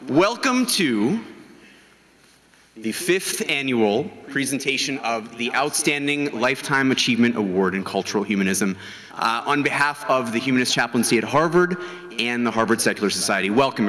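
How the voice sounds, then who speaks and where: A man's voice: medium pitch, lively intonation, moderate pace, pushed and bright. A man serving as a university humanist chaplain gives an informal welcoming speech at an award event, with many fillers and restarts. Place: large lecture hall before an audience. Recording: long hall reverb.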